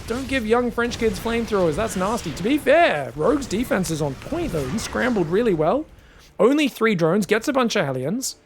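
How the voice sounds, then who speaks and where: A man giving solo esports commentary in a chatty, joking way with excitable asides. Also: sits high, normal speed, slight background noise. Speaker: esports caster.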